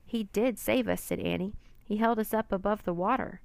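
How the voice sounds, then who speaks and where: A woman playing a tender-hearted young girl who pleads and cries out in a read-aloud storybook. Her tone carries a faint rasp and sits dry and close. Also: mid-range voice, normal speed, dry recording, lightly acted. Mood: earnest.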